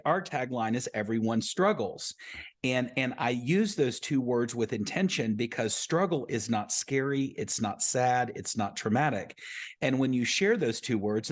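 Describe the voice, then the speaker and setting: A man hosting an interview podcast, earnest and reflective, often repeating words as he talks. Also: mid-range voice. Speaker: podcast host.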